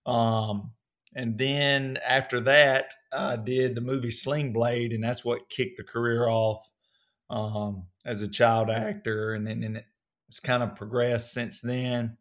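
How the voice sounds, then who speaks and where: A man in his thirties from North Alabama with a strong Southern accent, a guest telling relaxed, folksy stories in an interview. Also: medium pitch, slow pace. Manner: relaxed, folksy storytelling with many fillers. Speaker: actor guest. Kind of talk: casual interview.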